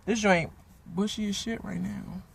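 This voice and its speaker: A man, giving a profane, animated recap of a reality show episode while still angry. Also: high-pitched, a little slow, gravelly, breathy edge. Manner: animated, swearing, trails off into asides. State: angry and worked up. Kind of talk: casual profane recap rant.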